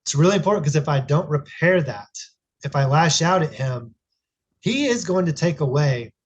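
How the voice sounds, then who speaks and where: A man's voice: fairly high pitch, expressive, normal speed. A man in his thirties, a podcast guest, telling a family story in an earnest, reflective way with frequent restarts. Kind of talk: casual conversational storytelling.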